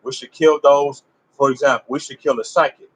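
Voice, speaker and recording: A man with a mid-range, steady, slightly rough voice talks a little fast over poor audio. His informal religious teaching is emphatic and conversational, packed with rhetorical questions for listeners and loose phrasing that keeps restarting.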